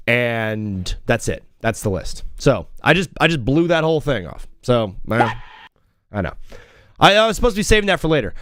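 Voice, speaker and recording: A man hosting a live sports talk show, rambling and joking in an excitable, casual way. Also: mid-range voice, no echo, studio quality.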